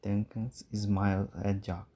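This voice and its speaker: Slow, dark-voiced male storybook narrator. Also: on the low side, level tone. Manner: simple, clear, measured. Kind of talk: slow storybook reading for learners.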